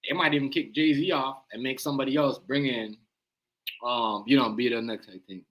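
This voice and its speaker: A man's voice: mid-range voice, moderate pace, highs cut off. A man hosting a live stream, rambling in casual slang and often asking "you know what I mean".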